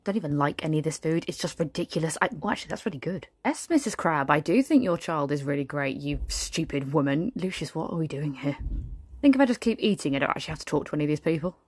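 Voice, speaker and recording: A woman's voice: low-pitched, lively intonation, quick pace, darkish tone, breathy edge, no room sound. Snobbish aristocrat mother, played by a woman, grumbling, dry close sound. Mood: disdainful. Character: haughty aristocratic mother at a kids' party. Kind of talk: comic sketch monologue.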